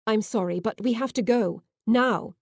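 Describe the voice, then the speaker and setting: A woman's voice: fairly high pitch, normal speed, a little mellow, no room sound. A woman voicing an earnest young man who delivers urgent warnings in an audiobook.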